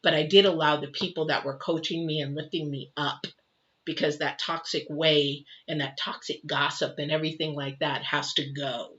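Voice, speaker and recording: Her voice sits low, with a fairly bright tone, moderate pace and fairly even intonation, and the top end of the audio is clipped. She's a tarot reader doing a live reading, rambling in a conversational way to viewers she speaks to directly, and she performs the quoted people.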